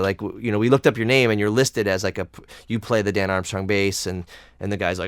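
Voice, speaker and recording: A man hosting a podcast, chatting casually and telling rambling, animated stories. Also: on the low side, quick pace, clean tone, dry recording. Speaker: podcast host. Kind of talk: casual interview chat.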